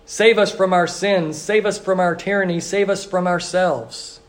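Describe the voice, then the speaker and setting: High-voiced man preaching earnestly. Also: steady tone. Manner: earnest, repetitive liturgical cadence with slow emphatic phrases. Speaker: pastor. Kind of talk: sermon.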